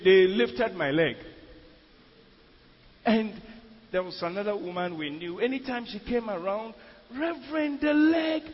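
A man from Ghana preaching a sermon as pastor, moving from quiet storytelling to shouted declarations. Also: high-pitched. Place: church sanctuary. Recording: dull recording in a long-reverb church hall.

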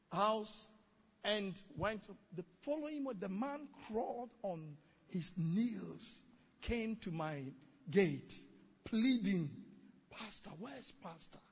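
High-voiced, husky male preacher. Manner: storytelling, animated, exclaiming. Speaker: pastor. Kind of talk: sermon with testimony. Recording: dull recording in a reverberant hall.

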